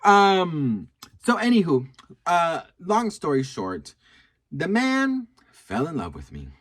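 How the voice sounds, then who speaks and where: A man's voice: a little high, slow pace. Sassy guy doing a gossip storytime, super swoopy voice, says girl a lot. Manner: sassy, animated, swears a lot, calls viewers girl. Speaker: video creator.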